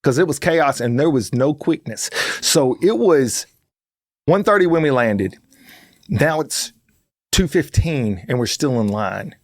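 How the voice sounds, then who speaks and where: A man's voice: medium pitch, measured pace, no room sound, studio quality. A man co-hosting a podcast, telling a long travel story with energy and acting out the lines of people he met. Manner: animated storyteller, acts out other people's lines. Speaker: podcast co-host. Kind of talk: storytelling in casual chat.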